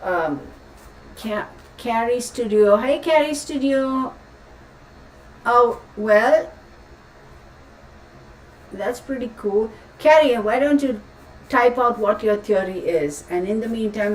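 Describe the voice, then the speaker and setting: A woman's voice: mid-range voice, a little mellow. A woman hosting a tarot live stream, chatting casually and rambling with frequent exclamations. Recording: roomy, distant mic, faint background noise.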